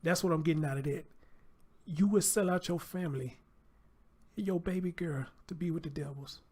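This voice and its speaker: A man's voice: on the high side, moderate pace, a little mellow, husky. Sex: man. Role: show host. Style: emotional reaction commentary. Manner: profane, heated, near tears.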